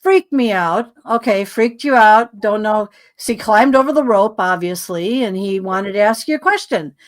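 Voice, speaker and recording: A woman, a podcast guest, telling a long story in a rambling, animated way with many asides. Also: mid-range voice, moderate pace.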